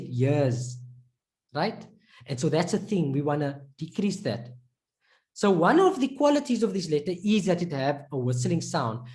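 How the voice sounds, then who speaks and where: Lively woman teaching letter sounds. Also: fairly low pitch. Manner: encouraging, repeats sounds to demonstrate. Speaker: Arabic pronunciation teacher. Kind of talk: live online class instruction.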